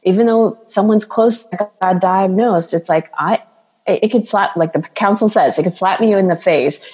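A woman's voice: mid-range voice, moderate pace, darkish tone, breathy edge, big-room sound. A woman coach speaking as a guest in an interview, talking in an earnest, flowing way and acting out quoted voices. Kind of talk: casual interview talk.

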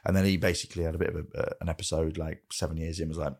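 Deep-voiced jokey man in his forties. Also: level tone, rapid-fire, darkish tone. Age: 40s. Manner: jokey, rambling storyteller. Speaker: comedian guest. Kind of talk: casual podcast chat.

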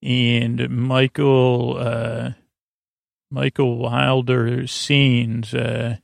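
A man with a rough, creaky texture recaps a TV episode for a sleep podcast. His pitch barely moves, and his voice sounds close and dry. He rambles and hesitates, filling gaps with pauses. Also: little pitch movement, dry recording. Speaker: podcast host.

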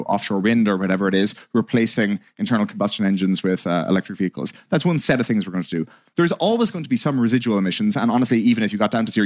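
A man, a tech company co-founder, answering interview questions in a fluent, conversational way with frequent "you know" fillers. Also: lowish voice.

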